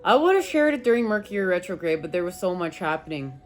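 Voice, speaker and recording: A woman's voice: on the low side, sing-song, quick pace. A woman tarot reader telling viewers a personal story in an emphatic, rambling way, swearing now and then. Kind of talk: casual spiritual talk to viewers.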